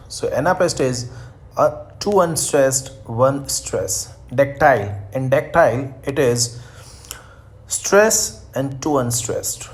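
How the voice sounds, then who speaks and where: A male college lecturer giving a recorded online lesson. He reads out points from his slides, repeats them, and stops often with "uh". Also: medium pitch.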